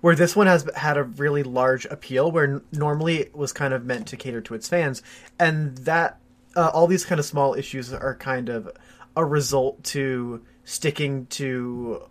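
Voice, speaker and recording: Easygoing young man, steady mid voice. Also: mid-range voice. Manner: measured, explanatory, hedging with fillers. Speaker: podcast co-host. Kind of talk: casual chat.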